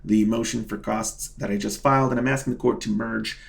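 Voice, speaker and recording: Speaking a little fast with fairly even intonation, a man with a gravelly, fairly low voice takes his vlog viewers through his court filings. He's the channel host and his own legal representative, sounding casual but indignant, stressing key words by repeating them and calling everyone "guys."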